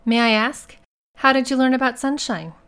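A woman's voice: sits high, normal speed, fairly bright tone, clear, resonant tone, pitched above the performer's own voice. A woman doing a polished, pleasant director. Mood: polite. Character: poised fortyish female nursing home director. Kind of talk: audiobook character voice.

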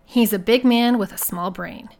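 A woman's voice: a little high, normal speed, gravelly, darkish tone. A woman voicing Joe, a bold, self-assured male investigator, in an audiobook reading. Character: cocky male private investigator, calm and bold.

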